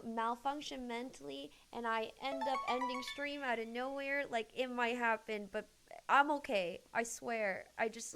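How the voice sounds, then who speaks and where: High, nervous woman livestreamer. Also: a bit bright. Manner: nervous, thanking viewers. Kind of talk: casual livestream chat.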